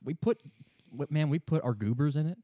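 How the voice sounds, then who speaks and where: A man's voice: on the high side, fairly quick, mellow, dry recording. A man co-hosting a casual comedic chat, recapping a game plot with sarcasm and frequent laughter. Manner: sarcastic, joking, laughs often, trails off with fillers. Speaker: podcast co-host.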